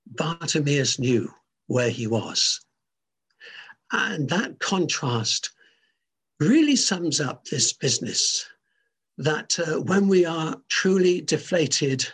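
Husky, animated male preacher. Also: fairly high pitch. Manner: animated, emphatic, with frequent restarts. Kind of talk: sermon.

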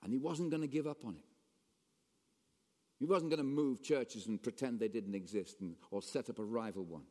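A man preaching a sermon as pastor, animated, swinging between raised emphasis and quiet asides. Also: medium pitch, normal speed. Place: church hall. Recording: long reverb of a church hall.

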